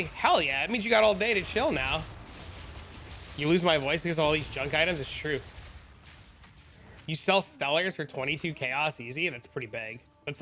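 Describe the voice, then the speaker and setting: A male game streamer chatting casually and profanely with his viewers. His voice is high and bright, and he talks in an animated, bantering way. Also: a little hiss or hum. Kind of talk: casual live-stream chat.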